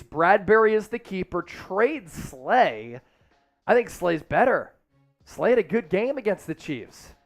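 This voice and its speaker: Young male stream host, high-pitched, energetic chat reader. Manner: energetic, reads chat aloud. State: exerting, counting push-ups. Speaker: host of a live sports stream. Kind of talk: casual live-stream chat.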